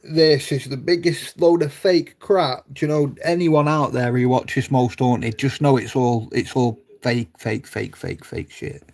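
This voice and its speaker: A man chatting casually on a live stream, reading comments aloud, rambling, swearing freely and laughing often, sometimes dropping to a low mutter. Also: measured pace, vocal fry, hardly any pauses, a little mellow.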